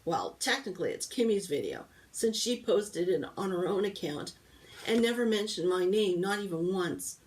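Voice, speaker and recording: A woman reads a children's novel aloud as a storybook read-aloud, with lively first-person narration. Her pitch is ordinary for a woman. The mic sits a little away from her. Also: moderate pace, far from the mic, a little hiss or hum, poor audio. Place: library.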